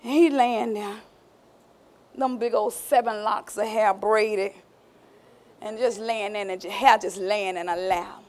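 A woman's voice: medium pitch, fairly even intonation, slow, a little mellow. A woman preacher delivering a sermon, emphatic and calling out to the congregation.

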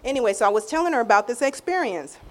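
A woman telling an emotional personal faith testimony. She acts out quotes in a raised voice and drops to a hush at tender moments. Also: on the high side, racing. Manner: animated storytelling, acts out quotes in raised tones. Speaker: guest sharing a testimony.

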